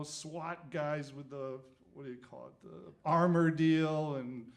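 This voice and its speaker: Man, 60s, New England-raised music exec; animated raconteur, slightly high voice, laughs through it. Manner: lively storyteller, chuckles, many "you know" fillers. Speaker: music executive, guest. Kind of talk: storytelling anecdote.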